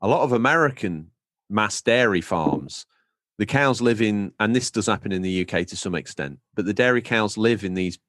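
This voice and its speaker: A man's voice: lowish voice, expressive, normal speed, fairly bright tone, no room sound, studio quality. A man from England co-hosting a podcast in casual chat, rambling through comic stories and acting out the other people in them. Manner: rambling comic storytelling with put-on dialogue. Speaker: podcast co-host.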